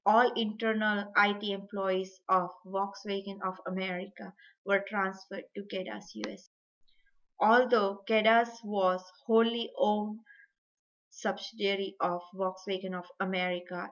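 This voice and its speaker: A woman student presenting a case study, reading carefully and measured. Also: medium pitch, a bit bright, dull audio.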